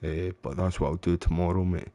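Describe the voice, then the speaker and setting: A man's voice: deep voice, fairly even intonation, fairly quick, warm tone, dry recording. A Scottish man streaming a game live, chatting away and getting frustrated, calling his viewers mate and bro. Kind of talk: live gameplay commentary.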